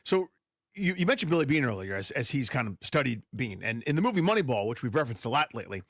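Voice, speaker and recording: A man co-hosting a sports radio show, jumping in with quick reactions and jokes. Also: mid-range voice, big pitch swings, fairly bright tone, dry recording, studio quality. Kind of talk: casual sports talk.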